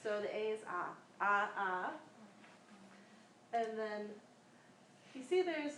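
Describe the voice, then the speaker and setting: A woman teaching a small class in an informal way. She patiently demonstrates each sound aloud and repeats it. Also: mid-range voice. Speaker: Sanskrit pronunciation teacher. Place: room with students present. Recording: echoey room with faint background noise.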